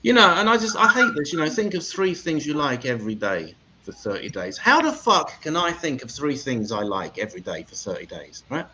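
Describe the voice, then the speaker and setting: A man doing stand-up comedy as MC. He tells crude, sweary deadpan one-liners. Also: a little high, a little fast, few pauses, a little hiss or hum, low-quality recording.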